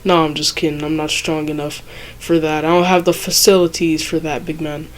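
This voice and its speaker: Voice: mid-range voice, little pitch movement, brisk. Vlogger rambling thru a storytime, lots of swearing and likes, pokes fun at themself. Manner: rambling and profane, heavy use of fillers; self-mocking asides. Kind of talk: casual storytime narration.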